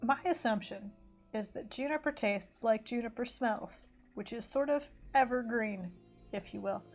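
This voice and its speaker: A woman talks at a moderate pace in a fairly high voice during a casual drawing livestream. Rambling and correcting herself, she slips into mock race commentary now and then, with faint music in the background.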